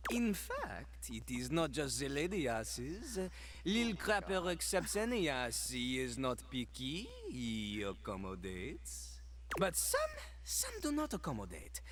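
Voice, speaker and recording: A man's voice: mid-range voice, sing-song, takes it slowly, fairly bright tone. A man voicing a cocky, crude male toilet rapper who raps and talks about himself in the third person, in a video game. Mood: preening.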